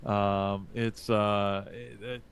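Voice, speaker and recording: A man's voice: lowish voice, level tone, extremely slow, vocal fry, clean tone. A man co-hosting a live trading show, chatting casually and rambling, with many restarts and repeated words. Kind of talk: casual chat.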